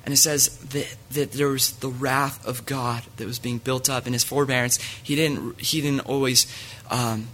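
A man's voice: medium pitch, steady tone, moderate pace, hardly any pauses, fairly bright tone, slight background noise. A man preaching a sermon in an earnest way, reading scripture aloud to his listeners.

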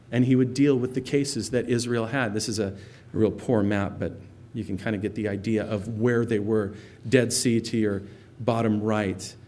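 This is a man with a mid-range voice, a pastor going verse by verse through scripture in a casual, talkative manner. He defines words along the way and quotes passages feelingly.

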